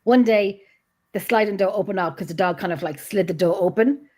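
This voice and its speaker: A woman's voice: mid-range voice, a little fast, darkish tone. A middle-aged woman with a Scottish accent chatting casually as a host, telling a long story with many restarts and acted-out quotes. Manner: rambling storyteller who restarts and acts out quotes. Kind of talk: casual chat.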